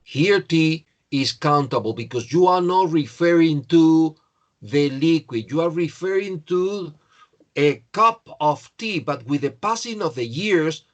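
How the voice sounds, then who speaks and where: Slow, patient man teaching grammar. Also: a little high, lo-fi sound. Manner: slow, patient explaining with repetition. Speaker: English teacher.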